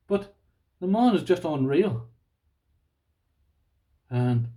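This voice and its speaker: A middle-aged Irish man chatting casually to camera about his lock collection, self-deprecating and quick to laugh. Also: fairly low pitch, lively intonation, mellow, distant mic, low-quality recording. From Ireland. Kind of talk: casual vlog chat.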